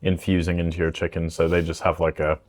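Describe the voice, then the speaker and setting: A man co-hosting a podcast, telling stories and explaining his cooking in a chatty, animated way. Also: deep voice, quick pace. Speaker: podcast co-host. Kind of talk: casual chat.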